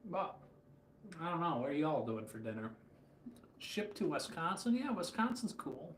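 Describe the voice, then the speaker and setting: A man's voice: mid-range voice, lively intonation, a little fast, a little hiss or hum. A man from Michigan cooking on a casual livestream, rambling and joking while answering chat. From Michigan, USA. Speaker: cooking streamer. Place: hotel room kitchen. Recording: roomy with faint ambience.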